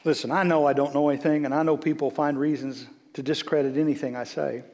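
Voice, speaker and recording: A man preaching a sermon as a bishop, swinging between loud calls and hushed storytelling. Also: a little high, little pitch movement, quick pace. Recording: long hall reverb.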